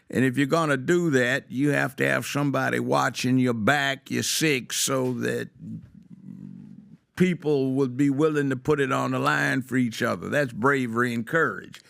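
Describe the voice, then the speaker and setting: Gravelly older man, emphatic talk. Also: mid-range voice. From United States. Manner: emphatic, rising to loud exclamations. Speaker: guest, former judge. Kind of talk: opinionated talk show monologue.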